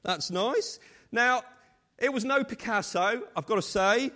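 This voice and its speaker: A man in his thirties, a pastor giving a sermon, reading scripture and praying, then telling stories with gentle humor in a conversational way. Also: extremely high pitch, moderate pace.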